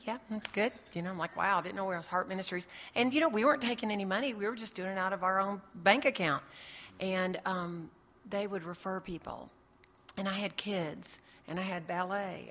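A woman with a lowish, slightly bright voice gives a testimony talk about her ministry to an audience. She performs the voices of the people in her story, and the hall's reverb rings long.

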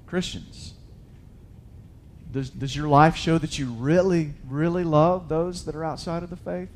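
Man preaching a sermon, fairly high voice, conversational and animated, drops to hushed asides. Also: measured pace, slight background noise. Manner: animated, swings from loud to hushed; conversational, paraphrases scripture casually.

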